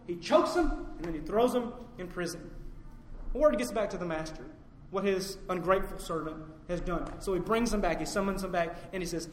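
A fairly high-voiced male pastor gives a sermon a little fast, swinging from loud, emphatic climaxes down to quiet, low delivery for his main points. A faint background hum sits under the long reverb of the large hall he speaks in.

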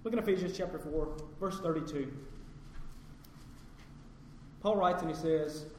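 His sermon moves a little fast: the male pastor, fairly high in pitch, builds to loud, insistent peaks and then lowers his voice to a hush for key ideas. The roomy hall gives him a long reverb tail, with a faint hum in the background.

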